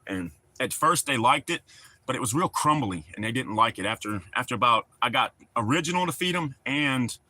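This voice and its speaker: A middle-aged man rambles in a folksy way to his livestream chat. His voice is very bright and forward, and the recording is close and dry. He talks in a loose, casual, easygoing manner. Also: mid-range voice, expressive, brisk, dry recording. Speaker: livestream host.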